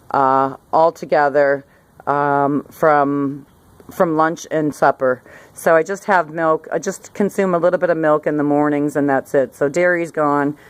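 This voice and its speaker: Low-voiced middle-aged lady vlogging outside, rambly, keeps cutting herself off and laughing. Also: clear, resonant tone, dry recording. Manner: rambling, self-interrupting, laughs often. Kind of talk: casual talk to camera. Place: outdoors by a hillside garden.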